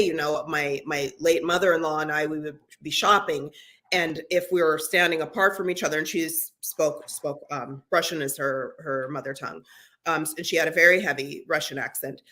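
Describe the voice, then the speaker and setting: A woman's voice: sits low, bright, forceful tone. A middle-aged woman co-hosting a podcast, talking earnestly in casual conversation with frequent restarts. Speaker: podcast co-host.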